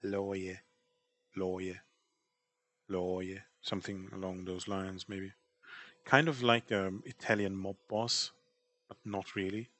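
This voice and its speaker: A man's voice: sits low, fairly even intonation, measured pace, sharp tone. A man chatting casually while drawing on stream, rambling and self-deprecating about his work. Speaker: artist streamer.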